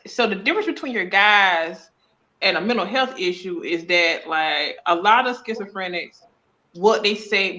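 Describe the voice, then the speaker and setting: A woman, a psychic medium, chatting casually as an interview guest, slangy and animated, acting out little dialogues as she explains. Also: medium pitch, highs cut off.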